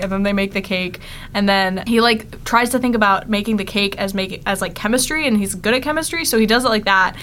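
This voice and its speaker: A woman's voice: medium pitch, brisk, a bit bright, slight background noise. A young woman co-hosting a podcast, casually retelling episode plots with frequent giggles and filler words. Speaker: podcast co-host. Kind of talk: casual chat recapping episodes.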